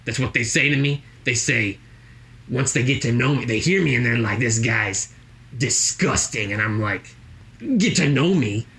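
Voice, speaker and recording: A man doing a gravelly boastful drifter. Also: mid-range voice, moderate pace, a bit bright. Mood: rambling. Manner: rambling, boastful, tall tales. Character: boastful jobless man with a thick put-on accent, rambling. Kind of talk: improvised comedy interview.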